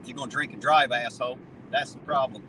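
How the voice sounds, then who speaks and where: A man's voice: medium pitch, fairly even intonation, fast talker. A man hosting his channel, chatting casually and mockingly while he drives, swearing and laughing often. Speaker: channel host, auditor. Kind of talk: casual chat while driving. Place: inside a car. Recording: loud road noise in a moving car.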